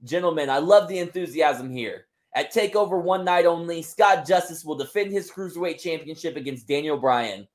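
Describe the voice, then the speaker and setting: A man's voice: fairly high pitch, pitched above the performer's own voice, lightly acted. A man reading an upbeat wrestling boss. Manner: announcing, businesslike. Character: upbeat male wrestling authority figure.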